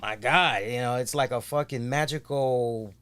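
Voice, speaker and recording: A man co-hosting a podcast who tells stories in a casual, animated way and swears constantly. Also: mid-range voice, moderate pace, clean tone. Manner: heavy swearing, animated storytelling. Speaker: podcast co-host. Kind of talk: casual chat.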